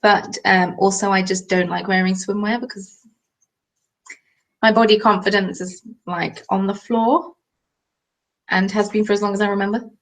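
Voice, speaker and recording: Her mid-range voice keeps a fairly even intonation at normal speed, with frequent pauses. She's a young Englishwoman running a relaxed knitting livestream, rambling along and reading out what viewers write.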